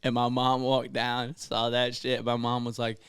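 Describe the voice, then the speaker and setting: A young man telling rowdy stories in a casual podcast chat, doing loud mocking voices when he quotes people. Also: mid-range voice, monotone, unhurried, smooth, dry recording. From Ohio. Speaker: podcast guest.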